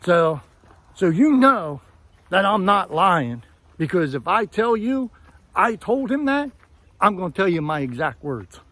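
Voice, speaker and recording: Older New man, higher-pitched voice, blunt and profane vlog rant. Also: very animated, a little slow, fairly bright tone, no room sound. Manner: blunt, profane, retells with quoted dialogue. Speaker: vlogger. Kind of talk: angry rant to camera.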